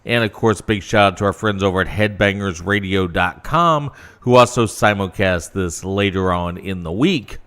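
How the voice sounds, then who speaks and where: A man's voice: sits low, moderate pace, hardly any pauses, a bit bright. A man hosting a casual political talk radio show, brash and opinionated, with sarcastic asides.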